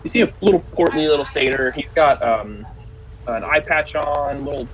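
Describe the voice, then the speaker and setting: A man narrating a tabletop game as game master, halting, with many fillers. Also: fairly high pitch, muffled recording.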